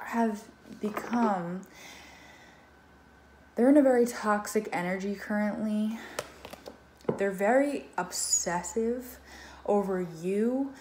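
A woman's voice: mid-range voice, darkish tone, slight background noise. A woman giving a casual tarot reading in a chatty, loose way, swearing now and then and acting out what others think. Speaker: tarot reader. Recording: echoey room.

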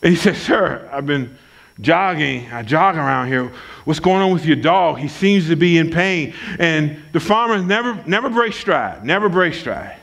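A man's voice: on the high side, animated, moderate pace, gravelly, fairly bright tone. A man preaching a sermon at a church service, emphatic and folksy, repeating his key lines for weight. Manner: conversational, folksy asides. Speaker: pastor.

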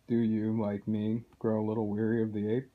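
A man's voice: lowish voice, monotone, moderate pace, lightly acted. A man reading aloud as a sly male cat with a silky, scheming manner. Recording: dull lo-fi recording.

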